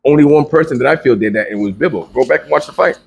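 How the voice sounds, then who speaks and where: A man in a heated casual debate, his voice rough and husky and his speech rapid. He is slangy and keeps talking over the other man, stumbling through repeated restarts, with his voice sitting a touch high for a man.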